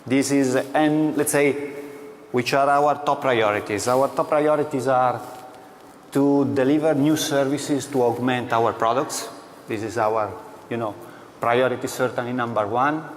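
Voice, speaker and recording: With fairly even intonation and an ordinary pitch, this company executive works through interview questions slowly and deliberately, pausing a lot and leaning on fillers. A faint hum runs underneath, and the big hall's echo lingers on what he says.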